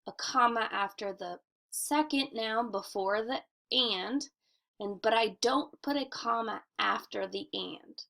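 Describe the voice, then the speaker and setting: A woman teacher records a grammar lesson for kids, speaking clearly and deliberately and slowing down to demonstrate reading aloud. Her voice is a little high and a bit bright.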